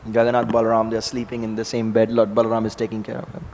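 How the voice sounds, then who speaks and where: A man telling a devotional story to an audience in a lively, conversational way. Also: fairly low pitch, fast talker, a little hiss or hum. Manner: animated, conversational, acting out scenes. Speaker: storyteller at a religious discourse. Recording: long hall reverb.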